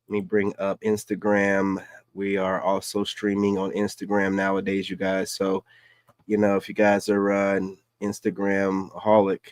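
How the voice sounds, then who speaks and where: A man's voice: low voice, darkish tone, no room sound, clean studio sound. A man hosting a casual livestream, reacting to clips in slangy, hyped streamer talk. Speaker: livestream host.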